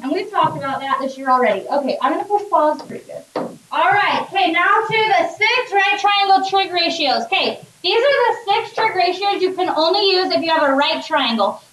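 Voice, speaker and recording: A woman's voice: extremely high pitch, a bit bright. A woman math teacher giving a classroom lecture, upbeat and often checking in with her students. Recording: echoey classroom, voice from a distance.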